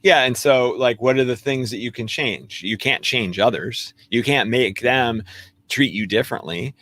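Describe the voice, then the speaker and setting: A man's voice: medium pitch, moderate pace, a bit bright. A man co-hosting a spiritual self-help conversation, earnestly explaining ideas and acting out inner dialogue. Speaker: co-host.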